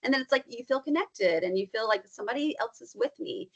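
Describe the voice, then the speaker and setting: A woman counselor talking casually on a podcast, animated and explaining, often leaping up in pitch to act out what she quotes. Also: quick pace. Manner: animated, acts out quoted feelings with big pitch jumps. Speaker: counselor guest. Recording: slightly dull lo-fi sound.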